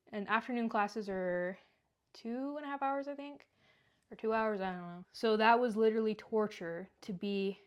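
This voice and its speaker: Chatty young woman telling a story. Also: medium pitch. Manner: rambling, heavy use of "like". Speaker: vlogger. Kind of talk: casual storytime.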